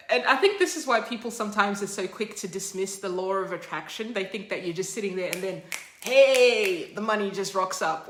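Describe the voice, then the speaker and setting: Bright, chatty woman teaching. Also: mid-range voice, reverberant. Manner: chatty, animated storytelling, laughs often. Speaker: study group host. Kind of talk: casual teaching monologue.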